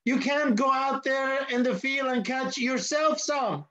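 A man's voice: extremely high pitch, unhurried, bright, forceful tone, voice pushed up, heavily acted. A man voicing an eager young boy who traps birds and haggles over them. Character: young boy, eager little bird trapper. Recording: dull lo-fi sound.

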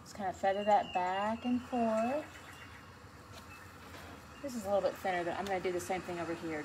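This woman teaches a beginners' painting class in a relaxed tutorial, talking through every brushstroke in a chatty, encouraging way. She speaks a little fast in a mid-range voice but leaves long pauses. There's noticeable background noise.

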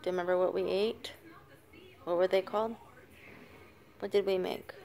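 An older woman, a grandmother babysitting, softly narrating a home video in an upstairs family room, often dropping to a whisper and coaxing the little ones. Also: on the low side, steady tone, moderate pace, vocal fry. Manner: soft-spoken, often hushed to a whisper; coaxing, praising grandmotherly baby talk. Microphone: handheld phone camera.

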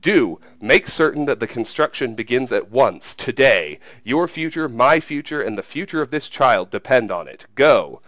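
A man voicing an imperious young queen in labor who snarls commands, raising his pitch above his usual voice. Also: a little fast, few pauses, fairly bright tone, dry recording, natural voice. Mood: furious.

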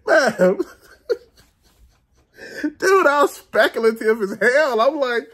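Host casting: middle-aged man, lively comic ranter, swings his pitch a lot, salty language, laughs through his story. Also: slow, pauses often, husky. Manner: animated, profane, acts out quotes, laughs often. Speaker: show host. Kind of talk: comedic storytelling rant.

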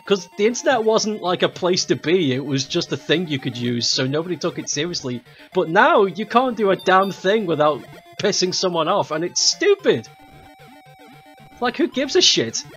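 A streamer in their thirties chatting casually over a game, blunt and quick to swear and laugh. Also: mid-range voice, big pitch swings, a bit bright, muffled recording, soft background music.

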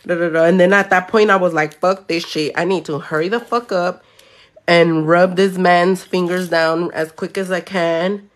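Chatty nail artist telling a story. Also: female voice, on the low side, moderate pace. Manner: animated, swearing, mixing in Spanish. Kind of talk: casual storytelling while doing nails. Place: home room.

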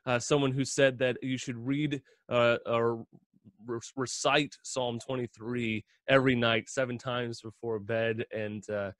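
A man's voice: medium pitch, fairly even intonation, a little slow, dry recording, clean studio sound. A man hosting a radio interview in a conversational way, with many fillers. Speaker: radio host.

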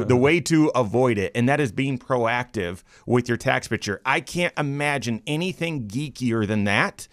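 A man hosting a radio finance show from a studio, talking fast and energetically. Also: medium pitch, a bit bright, no echo.

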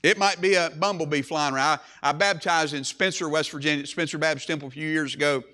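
A man's voice: fairly high pitch, fairly even intonation, fast talker, bright, forceful tone. A man preaching a sermon as pastor, emphatic, with repeated phrases and swelling emphasis.

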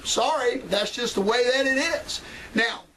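A man's voice: extremely high pitch, a little slow, bright, forceful tone, slight background noise, poor audio. A man hosting a talk show, delivering a sarcastic, ranting monologue. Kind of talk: comedic opening monologue.

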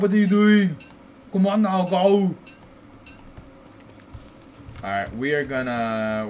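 A man streaming gameplay, chatting casually with goofy, teasing banter and sudden excited outbursts. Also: on the high side, slow, long pauses, slight background noise. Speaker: game streamer.

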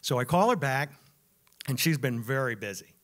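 Animated male storyteller, lively pitch. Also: moderate pace. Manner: animated, wry, builds to punchlines. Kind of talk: live storytelling performance. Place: music club stage.

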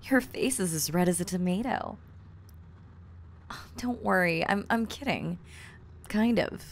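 Woman voicing a yandere kidnapper girl, audio role-play, gravelly low voice, slow and giggly, teasing whispers. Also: a little hiss or hum. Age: young adult. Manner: breaks off to fix her own lines. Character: obsessive young woman who kidnapped her crush. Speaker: voice actress.

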